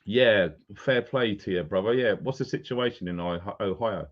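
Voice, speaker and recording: A man's voice: on the low side, normal speed. A man hosting a live stream, casually greeting viewers by name as they join. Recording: dull lo-fi sound.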